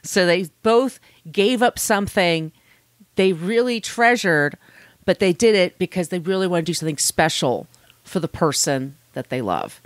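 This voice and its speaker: A woman in casual conversation, retelling a story with lively acted-out quotes. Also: fairly low pitch, moderate pace, no echo. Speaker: co-host discussing a story. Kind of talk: casual chat.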